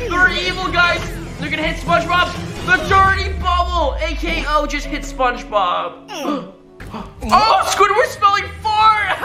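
A high-pitched woman reacts to clips in an excitable, gasping commentary, forever calling out to her viewers as guys. She speaks at an unhurried pace. Her voice sounds roomy, with music playing behind her. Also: over a noisy crowd. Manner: gasping, exclaiming, constantly addressing viewers as guys. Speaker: reaction video host. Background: background music.

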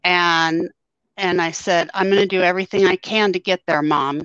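A woman guest telling a personal story in a halting way, full of ums, her voice scratchy after surgery. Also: on the low side, fairly even intonation, a bit bright, clear, resonant tone, no room sound. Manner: halting, with many ums and pauses. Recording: dull, lo-fi sound.

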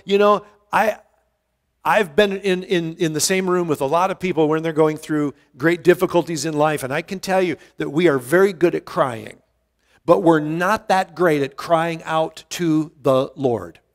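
High-voiced earnest male pastor. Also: normal speed, big-room sound. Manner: earnest, repeats and restarts words, stresses key phrases. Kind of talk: verse-by-verse Bible teaching.

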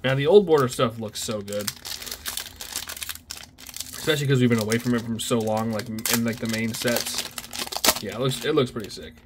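A young man casually talking through a card unboxing, excitable and slangy, often exclaiming at what he pulls. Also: medium pitch, normal speed, pauses often, background noise. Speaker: card opening video host.

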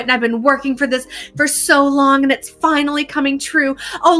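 Candid young woman, slightly high voice. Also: a bit bright. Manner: candid, self-mocking, profane. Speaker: podcast co-host. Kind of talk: casual podcast chat.

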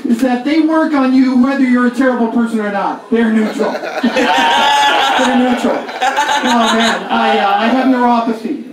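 A male stand-up comedian in his forties, profane and self-mocking, rambling through his set at a very high pitch. He is picked up from far off in an echoey room. A lively crowd laughs behind him. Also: moderate pace. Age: 40s. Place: comedy club stage. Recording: echoey club heard from far off, audience. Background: audience laughter.

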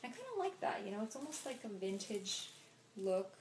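A woman's voice: mid-range voice, expressive, moderate pace, a little hiss or hum. A young woman chatting casually through a shopping haul, talking to camera with lots of "like" and "um". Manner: chatty, filler-heavy. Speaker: vlogger.

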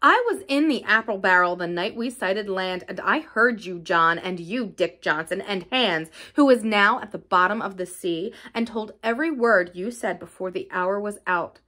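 A woman's voice: medium pitch, normal speed, few pauses, sharp tone, voice pushed down, lightly acted. A woman reading the lines of a brave teenage boy, speaking out with impassioned defiance. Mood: defiant. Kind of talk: audiobook character reading.

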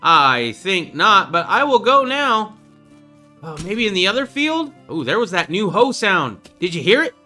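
A man's voice: sits high, sing-song, measured pace, bright, forceful tone, faint music behind. A young man casually commenting on his own gameplay, joking around and reading out the game's dialogue. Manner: playful, joking, reads out game dialogue. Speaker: gaming channel host. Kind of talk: casual let's-play commentary.

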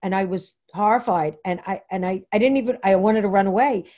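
A woman from Long Island telling her own recovery story at an online meeting, halting and rambling with many fillers and restarts. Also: medium pitch, dark tone. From New York, Long Island. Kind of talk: personal share at a Zoom meeting. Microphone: computer mic on a video call.

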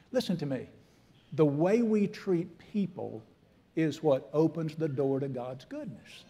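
Preacher in his sixties, slightly high voice, folksy and emphatic storytelling sermon. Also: lively intonation, moderate pace, mellow, husky. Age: 60s. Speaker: pastor.

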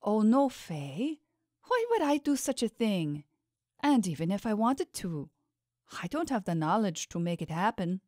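A woman's voice: mid-range voice, sing-song, measured pace, warm tone, no echo, clean studio sound, voice pushed up. A woman voicing a timid, frightened young servant woman in an audiobook, pleading and apologetic in a raised, anxious voice. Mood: fearful pleading. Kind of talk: audiobook character voice.

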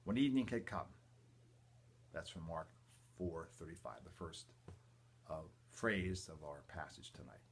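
Husky deep-voiced older priest. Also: male voice. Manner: measured, reverent reading with emphatic quotes and quiet asides. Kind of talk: reading the gospel and a homily. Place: church or home, livestream.

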